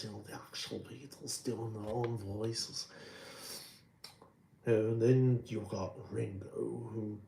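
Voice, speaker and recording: A man talking casually about his drawings, halting with many ums and restarts and trailing off quietly. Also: lowish voice, reverberant, slight background noise, low-quality recording. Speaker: artist showing his drawings. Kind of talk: rambling casual talk.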